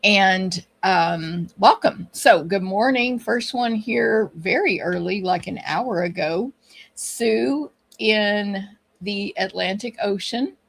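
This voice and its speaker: Middle-aged woman, Texan accent, husky voice, chatty live-stream host. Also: mid-range voice, slow pace. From Texas. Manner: chatty, greets viewers one by one. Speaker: livestream host and papercraft teacher. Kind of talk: casual live-stream chat.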